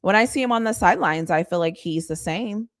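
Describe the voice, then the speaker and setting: A woman's voice: mid-range voice, animated, brisk, dry recording, clean studio sound. A woman hosting a live stream, chatting casually and ranting with exasperation, laughing often. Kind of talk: casual live sports chat.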